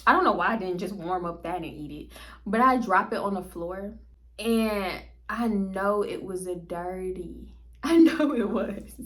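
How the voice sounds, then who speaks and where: A woman vlogger telling a story to her viewers in a casual, animated way, often laughing and speaking straight to them. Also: medium pitch, unhurried.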